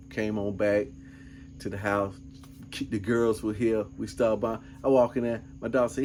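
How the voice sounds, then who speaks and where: A middle-aged man vlogs a laid-back, rambling story full of asides, sprinkling in "man" and "you know what I'm saying." His fairly low, darkish voice has little pitch movement and a normal speed, with slight background noise.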